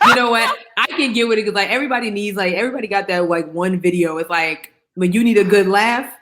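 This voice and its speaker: A woman's voice: medium pitch, fast, heavy background noise. A young woman co-hosting a casual podcast chat, telling stories emphatically with plenty of slang. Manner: animated, emphatic storytelling with slang. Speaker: podcast co-host.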